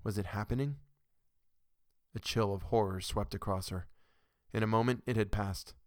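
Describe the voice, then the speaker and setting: A man narrating a short story in a steady, measured reading. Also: on the low side, no echo, studio quality.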